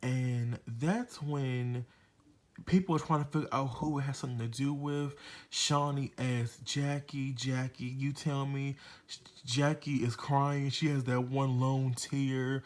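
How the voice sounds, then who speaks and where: A man recapping a reality TV episode in a loose, chatty way. He is blunt and gossipy and swears freely as he runs through the drama. His voice sits at an ordinary middle pitch for a man. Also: steady tone, a little slow. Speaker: reality TV reviewer. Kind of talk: casual episode recap commentary.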